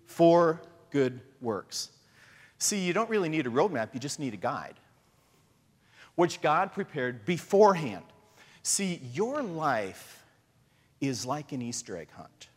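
A man preaching a sermon in a conversational, animated way, often acting out short voices as he tells a story. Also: fairly high pitch, takes it slowly, long pauses, in a large hall. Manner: conversational, animated, acts out voices of God and Jesus.

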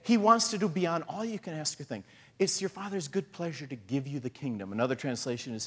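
A man preaching a sermon in a conversational, animated way, often acting out short voices as he tells a story. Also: a little high, brisk, slightly rough, in a large hall. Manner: conversational, animated, acts out voices of God and Jesus.

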